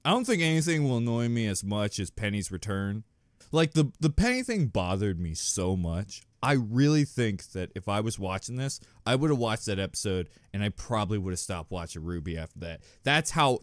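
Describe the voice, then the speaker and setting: A reaction channel host rambles through his commentary with lively pitch swings and crude, self-mocking jokes, often laughing at himself between remarks. The recording is dry and close, with no room sound.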